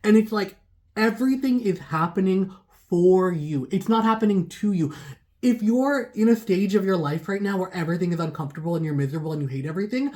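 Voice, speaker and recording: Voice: medium pitch, fairly quick, a little mellow. A spiritual reader giving a casual intuitive reading to viewers, sassy and emphatic, calling them baby and honey. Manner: gets fired up and emphatic.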